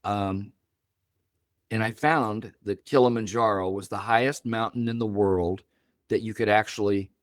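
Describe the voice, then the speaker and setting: A man's voice: lowish voice, unhurried, dry recording, clean studio sound. An older man in his seventies, a guest in an interview, telling stories and acting out quoted dialogue. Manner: animated, acts out quoted dialogue. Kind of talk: storytelling interview.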